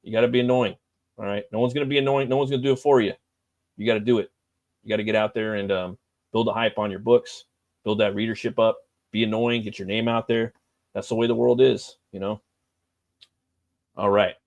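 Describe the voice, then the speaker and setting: A man's voice: fairly low pitch, fairly even intonation, brisk, pauses often, darkish tone, no echo, dull audio. A middle-aged man hosting a live stream, chatting loosely and profanely with lots of fillers. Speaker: livestream host. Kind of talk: casual live-stream chat.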